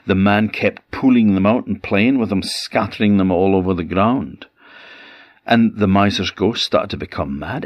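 A traditional storyteller from Orkney tells a folk tale in his low, deep voice. He lets the pace and loudness swell and fall with the story. The recording is close and dry. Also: no echo. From Orkney, Scotland. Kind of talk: oral folk tale telling.

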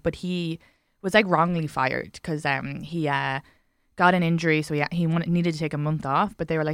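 An Irish woman hosting a podcast, telling stories in quick casual chat, full of "like". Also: sits low, clean tone, no echo, clean studio sound. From Ireland. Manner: rapid chatty storytelling, frequent "like". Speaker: podcast host.

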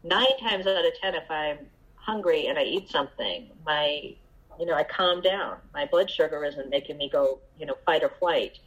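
Low-voiced middle-aged woman sharing candidly. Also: muffled recording. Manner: halting, candid, many fillers and restarts. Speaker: recovery meeting speaker. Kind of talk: personal recovery share.

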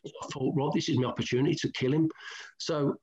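A middle-aged Brummie from England, a former footballer appearing as an interview guest, talks fast in a medium-pitched voice. He's animated and colloquial, candidly telling football stories and acting out who said what in old conversations, with a somewhat dull lo-fi sound.

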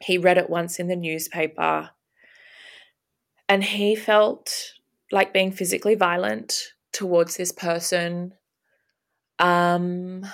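Brief: woman in her thirties, slow gravelly delivery, candid podcast guest, emotional and halting. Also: fairly low pitch. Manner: candid, swearing, halting with repeats. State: emotional, voice rising and shaky. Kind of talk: emotional personal interview.

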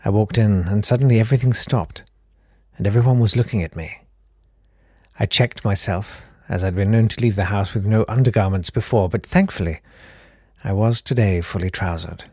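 A man with a British accent reading a comic story aloud in a deadpan, mock-grand narrating manner. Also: on the low side, normal speed, husky, dry recording, studio quality.

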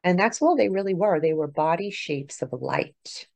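A middle-aged woman, a podcast guest, telling an earnest personal story that swings between hushed and excited. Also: lowish voice, moderate pace, creaky, dry recording. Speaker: guest, author and paranormal investigator.

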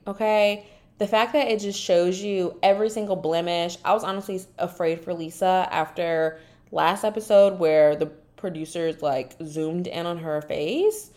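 Sassy woman podcast host, low voice. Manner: animated, sassy, acts out quotes in exaggerated voices. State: dry mouth. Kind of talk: casual solo recap chat.

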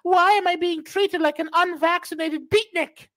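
A man putting on a high, sneering parody voice of a whiny, self-pitying vaccinated man. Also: fairly even intonation, normal speed, bright, forceful tone, low-quality recording. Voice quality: high mocking falsetto.

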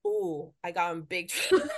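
A woman's voice: on the low side, fairly even intonation, measured pace. A woman from New Jersey with a New Jersey accent, telling blunt, sarcastic stories in casual podcast chat. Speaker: podcast co-host.

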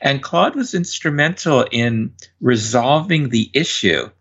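A man's voice: mid-range voice, expressive, measured pace, fairly bright tone, breathy edge. A man hosting an interview podcast, reading prepared lead-ins before asking his guests questions. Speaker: podcast host. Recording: dull lo-fi audio.

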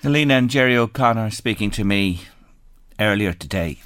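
A man's voice: fairly low pitch, moderate pace, no room sound. An Irish man hosting a radio phone-in show, earnest and sympathetic, reading listener messages aloud into a studio microphone. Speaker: radio talk show host.

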